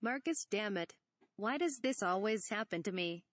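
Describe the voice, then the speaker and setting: A woman's voice: mid-range voice, expressive, normal speed, fairly bright tone, dry recording, natural voice. Woman reading cocky young squadron leader, swearing, dry close sound.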